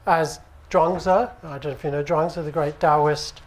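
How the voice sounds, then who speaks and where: A British man teaching at an acupuncture conference, speaking in a relaxed, conversational way and often checking with the audience. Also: a little high, normal speed. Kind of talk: conference lecture. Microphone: handheld microphone.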